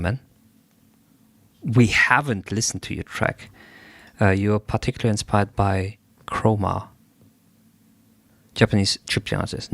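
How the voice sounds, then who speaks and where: Male stream host, lower register, slow and deliberate delivery, dry mic; casual feedback on tracks. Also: no echo. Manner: unhurried, thinking aloud while listening. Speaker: music producer giving track feedback.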